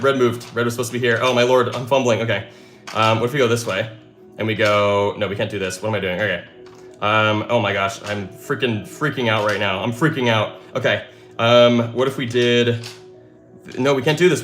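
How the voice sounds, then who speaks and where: Excited stream talk comes from a man whose voice is mid-range and a bit bright. As host, he reasons aloud through puzzles and celebrates when he gets them solved.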